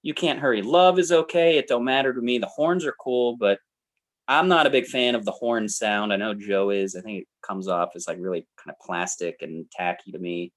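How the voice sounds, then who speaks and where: A man's voice: lowish voice, moderate pace. A man co-hosting a podcast, chatting casually about albums in a rambling way, often trailing off and restarting. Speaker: podcast co-host. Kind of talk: casual music review chat.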